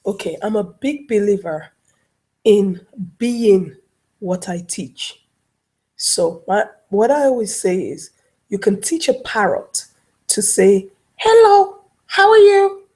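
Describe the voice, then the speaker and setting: A woman's voice: mid-range voice, expressive, takes it slowly, warm tone, breathy edge. A woman life coach speaking as a guest, telling everyday stories and acting out little scenes. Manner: storytelling, acts out little scenes. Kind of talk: casual interview talk. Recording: online talk show audio.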